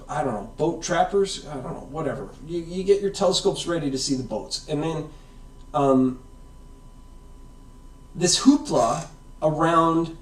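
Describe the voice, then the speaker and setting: A man giving a casual, rambling science explanation, often checking in with "right?" and "okay?". The sound is roomy and comes from away from the mic. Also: on the high side. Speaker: science video host. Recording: roomy echo, far from the mic.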